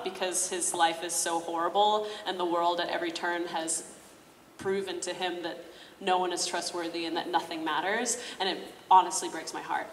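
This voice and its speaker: A woman's voice: lowish voice, a little hiss or hum. A female voice actor on a convention panel, speaking in an earnest, heartfelt way. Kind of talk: panel talk. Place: large convention hall. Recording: echoey hall from far off.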